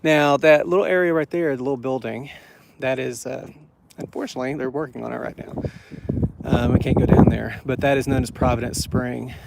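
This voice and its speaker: A man's voice: medium pitch, fairly even intonation, a little fast, vocal fry. A man from Florida giving a chatty walking tour outdoors in the cold, out of breath from climbing a hill, with many fillers and restarts. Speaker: travel vlogger and guide. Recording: noisy outdoor camera audio.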